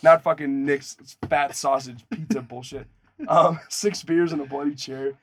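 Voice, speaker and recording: A young man telling a wild story in a casual podcast chat, animated and profane, swinging from loud excited bursts to low mutters. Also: a little slow.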